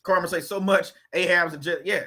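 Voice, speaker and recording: A man's voice: high-pitched, steady tone, a little fast, pushed and bright, slight background noise. A man hosting a faith-based video channel, talking in a casual, preachy way and putting rhetorical questions straight to his viewers.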